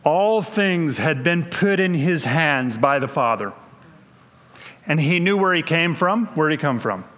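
Higher-voiced man quizzing a class in a hall. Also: animated, unhurried, fairly bright tone. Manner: quizzing, conversational, explains as he goes. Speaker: Bible teacher. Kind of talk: question-and-answer Bible story review. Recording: long hall reverb.

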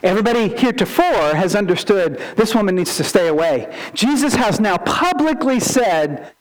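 A male pastor preaching a sermon, animated, acting out quotes and asking rhetorical questions. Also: sits high, normal speed, hardly any pauses, poor audio.

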